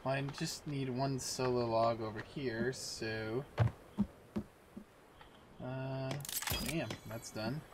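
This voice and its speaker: A man talks through a survival game at a slow, unhurried pace, half to himself, his voice kept low as he crafts and builds. Game ambience runs clearly underneath him on a plain desk mic. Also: steady tone, background noise. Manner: muttering to himself while crafting, quiet and unhurried. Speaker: gameplay commentator. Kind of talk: casual let's-play commentary.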